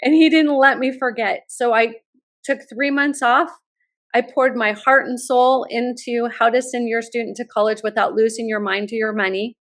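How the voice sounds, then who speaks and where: A woman's voice: on the high side, normal speed. Upbeat middle-aged woman telling stories. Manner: animated, enthusiastic storyteller. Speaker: college admissions consultant, guest. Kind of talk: podcast interview, personal storytelling.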